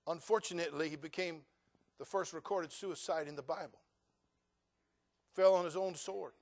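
A middle-aged male pastor preaching a sermon, folksy and joking, acting out dialogue and rising to loud, fervent passages. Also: a little high, moderate pace. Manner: animated preaching, acts out dialogue, rises to loud fervent climaxes.

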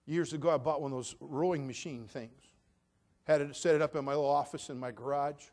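A man preaching a sermon in a conversational way, with humorous asides and swings from quiet remarks to emphatic declarations. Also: fairly high pitch, steady tone, a little fast. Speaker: pastor.

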